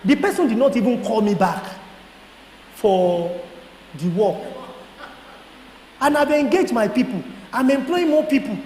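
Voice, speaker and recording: An animated Nigerian man with a high voice, speaking as a guest, unhurriedly tells his testimony as a story, leaving long pauses, acting out exchanges and sometimes laughing or shouting. It was recorded in an echoey hall with slight background noise.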